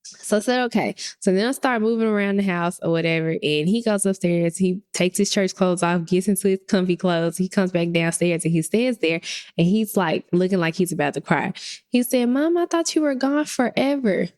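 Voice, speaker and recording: A woman's voice: fairly low pitch, a little fast, clean tone. A woman in her thirties co-hosting a podcast, telling a story casually and acting out the quotes. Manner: expressive, acts out quotes. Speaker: podcast co-host.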